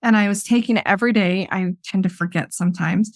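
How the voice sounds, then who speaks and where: A woman hosting a podcast, chatting in a loose, talkative way and laughing between her thoughts. Her voice sits at an ordinary middle pitch. The recording is close and dry, with no room sound. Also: fast talker, dry recording. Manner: chatty, laughs often, restarts sentences. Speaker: podcast host. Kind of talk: casual chat.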